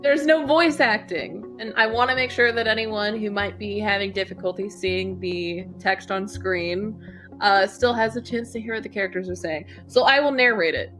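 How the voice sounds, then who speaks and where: A woman hosting a livestream, chatting casually and warmly while playing game entries. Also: medium pitch, moderate pace, soft background music. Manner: relaxed, friendly, laughs easily.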